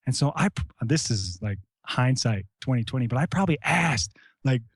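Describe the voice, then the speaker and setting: A middle-aged American man telling stories in casual conversation, animated, acting out quotes and swearing freely. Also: medium pitch, normal speed, no room sound, studio quality. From United States. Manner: animated, acts out quoted voices, swears casually, says "bro" and "right?". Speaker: guest, Army veteran.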